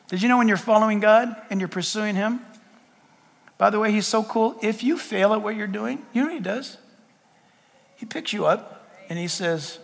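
A man's voice: high-pitched, moderate pace, gravelly, long pauses, big-room sound. A man preaching a sermon, telling stories and acting out back-and-forth conversations with God. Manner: animated storytelling, acting out dialogue with God.

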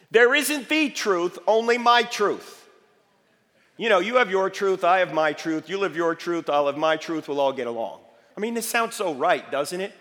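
A man giving an emphatic, lively lecture to a live audience, quizzing them with rhetorical questions, his voice slightly failing. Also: sits high. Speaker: speaker addressing a live audience. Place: large hall with audience. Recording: echoey hall reverb.

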